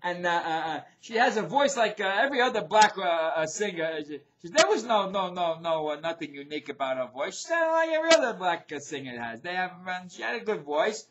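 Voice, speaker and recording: A man's voice: high voice, big pitch swings, a little fast, few pauses, dull audio, slight background noise. Middle-aged man ranting profanely. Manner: profane, loud, repetitive ranting. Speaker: show host. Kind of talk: ranting video commentary.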